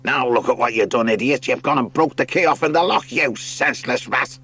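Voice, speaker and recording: A man's voice: mid-range voice, brisk, bright, forceful tone, breathy edge, pitched above the performer's own voice. A man voicing a sarcastic, scolding male sea rat in a storybook reading. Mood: scornful. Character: squabbling male sea rat, sneering bully.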